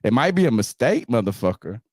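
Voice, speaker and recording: A man's voice: mid-range voice, brisk, no echo, clean studio sound. A man on a podcast telling a story casually, swearing a lot and acting out what people said. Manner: profane, animated, acts out quotes loudly. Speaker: podcast host.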